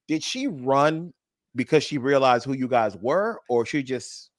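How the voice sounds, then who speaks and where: Laughing radio co-host man, lively. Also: mid-range voice, unhurried, no room sound, studio quality. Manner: laughs loudly, says bro a lot. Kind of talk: casual radio banter.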